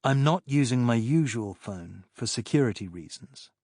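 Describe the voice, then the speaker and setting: A man voicing a steady policeman who speaks in a measured, slightly pompous way. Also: medium pitch, no room sound, studio quality. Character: calm steady country policeman.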